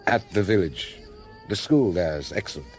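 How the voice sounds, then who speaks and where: A dry-witted male police inspector in a radio play, his voice very low and steady. He narrates and makes small talk with an understated, wry edge, faint music drifting underneath. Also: normal speed. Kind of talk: radio drama acting.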